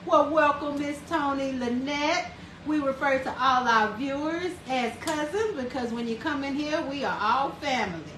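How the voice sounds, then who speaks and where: A woman's voice: high-pitched, normal speed, roomy sound, far from the mic, slight background noise. A woman with a Southern US accent hosting a cooking livestream, chatting and greeting viewers by name. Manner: chatty storyteller, warm greetings, drawling. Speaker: livestream host. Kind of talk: casual chat, reading viewer comments aloud.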